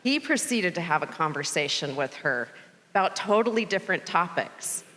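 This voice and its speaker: A middle-aged woman addresses a conference audience from the stage, recounting an anecdote in a chatty, animated way. Her voice sits a little low for a woman. A long reverb from the big hall trails each phrase. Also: normal speed. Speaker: board chair giving a welcome speech. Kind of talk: conference keynote remarks. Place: large conference venue stage.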